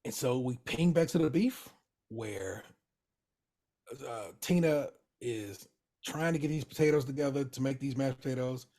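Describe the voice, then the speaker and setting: A man's voice: mid-range voice, measured pace, mellow. A man co-hosting a podcast, retelling scenes with emphatic energy and frequent swearing. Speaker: podcast co-host. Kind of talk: casual TV recap chat.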